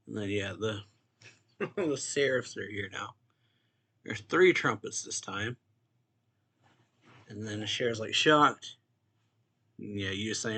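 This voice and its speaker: A man's voice: lowish voice, takes it slowly, pauses often, bright, forceful tone, husky. A young man hosting a manga reaction channel, casually recapping a chapter in a loose, chuckling way full of filler words.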